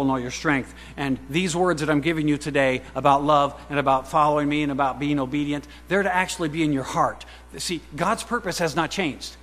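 A man preaching a sermon who fires rhetorical questions at the congregation and swings between quiet asides and loud, emphatic declarations. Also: fairly high pitch. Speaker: pastor. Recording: reverberant hall with faint mains hum.

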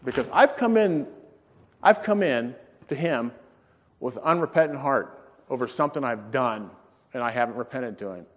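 A man preaching a storytelling sermon in a folksy, animated way, acting out the dialogue in his story. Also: mid-range voice, moderate pace. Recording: long reverb in a large hall.

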